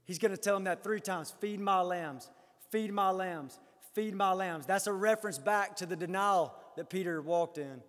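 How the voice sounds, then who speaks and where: A high-pitched man delivers a sermon, lifting his voice loud on the scripture he quotes and falling low and quiet on his own remarks. His words ring out with a long reverb, as if across a large church sanctuary. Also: normal speed. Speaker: preacher.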